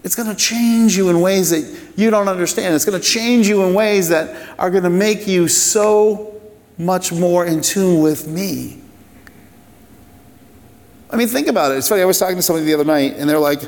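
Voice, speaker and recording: A man with a somewhat high voice preaches a sermon in a church sanctuary. He speaks conversationally but with emphasis and builds his points through repeated phrases. His voice carries a long reverb from a large hall. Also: normal speed. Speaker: pastor.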